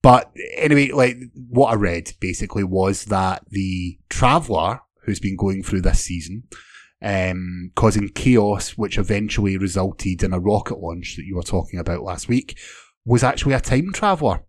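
A man's voice: low voice, normal speed, no echo, clean studio sound. A man co-hosting a casual podcast, joking dryly and laying out theories at length. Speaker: podcast co-host. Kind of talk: casual chat.

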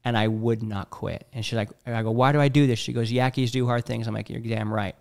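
Blunt, animated man in casual chat. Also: lowish voice, fairly quick, vocal fry. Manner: animated, blunt, acts out quotes.

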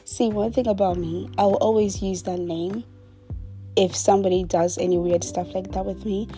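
A young woman in her twenties spins a casual storytime in a mellow, warm voice, chatty and dramatic, slipping into hushed whispered asides. Her pitch sits in an everyday middle range, and soft music plays faintly behind her. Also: steady tone, normal speed. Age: 20s. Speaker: vlogger.

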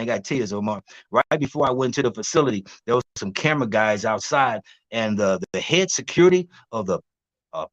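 A man being interviewed as an herbal healer, telling stories in a lively, demonstrative way, laughing often and acting out what others said. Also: medium pitch, no echo, dull audio. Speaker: guest herbalist. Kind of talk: animated storytelling interview.

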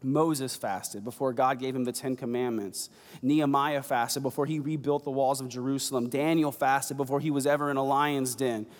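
A man's voice: medium pitch, fairly even intonation, normal speed, in a large hall. A man preaching a conversational sermon with joking asides. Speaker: pastor.

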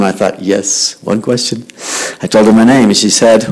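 A man's voice: on the low side, brisk, a little mellow, low-quality recording. A man from Utah telling a story to young people, acting out both sides of a conversation. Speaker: youth speaker. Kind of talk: storytelling talk to youth.

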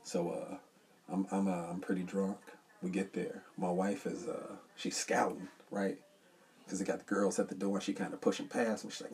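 A man co-hosting a podcast, telling stories in an animated, joking way. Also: low voice, a little fast. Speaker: podcast co-host. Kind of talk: casual chat.

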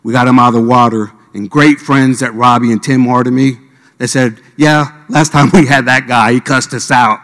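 A man from Miami tells a sermon story, acting out each voice in the scene. His mid-pitched voice carries a long reverb from a large hall. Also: fairly even intonation, moderate pace, a bit bright. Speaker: preacher.

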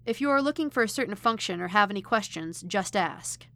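A woman's voice: medium pitch, expressive, brisk, fairly bright tone. A woman voicing a cheerful, awkwardly polite young male student helping with tech. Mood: eager. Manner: chirpy, eager, awkwardly polite.

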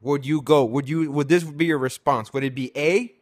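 A man's voice: a little high, fairly even intonation, moderate pace, hardly any pauses, no room sound, clean studio sound. A man hosting a casual podcast chat, joking and telling stories with acted-out quotes. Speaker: podcast host.

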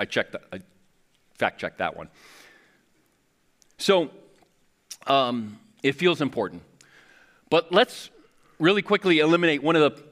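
A man's voice: medium pitch, sharp tone. A man who is a lead pastor, preaching a sermon in a conversational, self-correcting way, acting out quoted voices with little laughs.

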